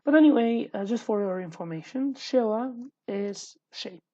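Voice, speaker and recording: Mellow breathy woman teaching a lesson. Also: medium pitch, animated, muffled recording. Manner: explains patiently, often pausing and repeating words. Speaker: language teacher. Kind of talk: casual online language lesson.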